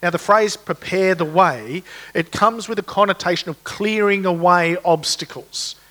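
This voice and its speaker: A man's voice: high-pitched, steady tone, normal speed, sharp tone. A man preaching a sermon, speaking in a conversational, earnest way and posing rhetorical questions.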